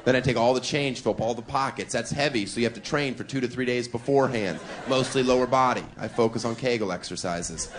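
A male stand-up comedian works through his routine at a middle pitch, dropping deadpan asides and chuckling at his own jokes. His setups are deliberately provocative. The sound comes through a handheld stage mic in a live recording with steady background noise.

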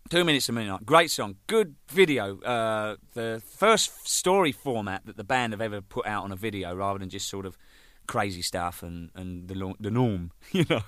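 A man's voice: fairly low pitch, dry recording, clean studio sound. A man, a band's drummer, telling casual anecdotes with lots of swearing and laughter. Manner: animated, swearing, laughing, acting out exchanges. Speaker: band's drummer recalling its singles.

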